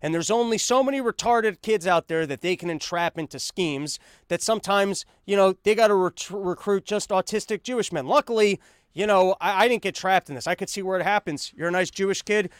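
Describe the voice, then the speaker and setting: A podcast host walks on a treadmill while delivering a comedic news monologue, sarcastic and rambling, packed with fillers and restarts. His voice sits high, smooth and a little fast, in studio quality with no room sound.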